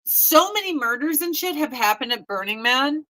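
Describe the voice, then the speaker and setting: Profane, bright-voiced woman in her forties. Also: high voice, lively intonation, moderate pace, poor audio. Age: 40s. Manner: blunt, profane, mocking mimicry. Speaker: host. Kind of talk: casual chat.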